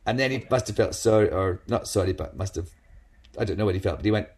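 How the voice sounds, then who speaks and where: A middle-aged man, chatting as a guest and telling lively anecdotes, often slipping into quoted voices. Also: fairly low pitch, quick pace. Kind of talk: casual chat.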